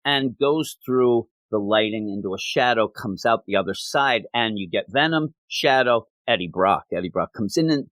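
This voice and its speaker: A man's voice: lowish voice, lively intonation, normal speed, hardly any pauses, fairly bright tone, no room sound. A man hosting a comic book podcast, recapping a story in a conversational way and quoting characters' lines as he goes. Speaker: podcast host. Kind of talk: casual comic book review.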